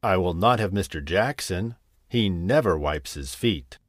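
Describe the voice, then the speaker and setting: A man's voice: low-pitched, animated, measured pace, no echo, clean studio sound. A man voicing a fussy, tidy little female house mouse in a storybook reading, prim and scolding. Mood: stern.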